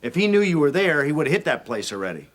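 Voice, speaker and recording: A man playing a steady police detective. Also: fairly high pitch, fast. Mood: reassuring.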